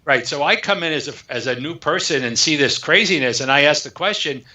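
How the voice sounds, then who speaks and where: A man, an author guest in an interview, telling a story in an animated way and acting out the dialogue. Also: a little high, fairly quick. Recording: echoey, dull lo-fi sound.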